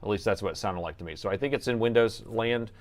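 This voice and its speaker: A man's voice: fairly low pitch, fast talker. A man chatting casually on a live repair stream, rambling, laughing and reading viewer comments aloud.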